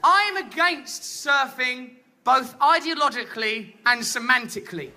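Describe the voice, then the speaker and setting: A man's voice: extremely high pitch, expressive, a little slow, sharp tone, a little hiss or hum. A man with an English accent performing a theatrical, flamboyant stand-up comedy routine on stage. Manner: theatrical, flamboyant, mock-grandiose. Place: comedy stage before a live audience.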